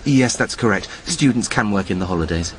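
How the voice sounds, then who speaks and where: An actor playing a courteous, formal immigration officer questioning a traveller in a scripted dialogue. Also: male voice, fairly low pitch, lively intonation, a little fast, slight background noise, lightly acted.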